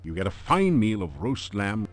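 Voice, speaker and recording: An actor voicing a calm male narrator in a video game, with even, descriptive narration. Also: fairly low pitch, moderate pace, soft background music.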